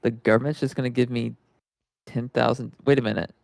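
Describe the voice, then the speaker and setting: Gravelly man cracking deadpan dark jokes. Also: mid-range voice, brisk, dry recording. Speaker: podcast co-host. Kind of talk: casual political podcast chat.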